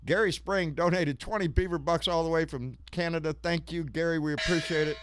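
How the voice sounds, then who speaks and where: A man's voice: on the high side, steady tone, a little fast, slight background noise. A middle-aged man, hosting a live stream in casual, rambling, folksy chat and swearing freely. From Texas. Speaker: live show host.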